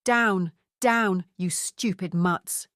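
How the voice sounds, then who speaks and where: A woman voicing a stern, posh lady in her late sixties, who talks in a crisp, clipped way and barks orders, in an audiobook. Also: mid-range voice, lively intonation, moderate pace, no room sound, lightly acted. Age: 60s.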